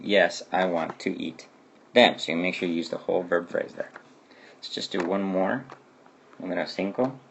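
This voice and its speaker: A man's voice: low-pitched, creaky, lo-fi sound, a little hiss or hum. A man teaching a Spanish grammar lesson who explains patiently and keeps asking "okay?" to check understanding.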